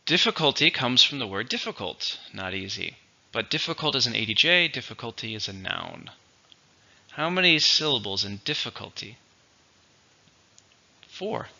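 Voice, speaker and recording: A man teaching English vocabulary, speaking slowly and deliberately and repeating each word for pronunciation. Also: mid-range voice, sing-song, gravelly, pushed and bright, lo-fi sound. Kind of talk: vocabulary lesson with dictation.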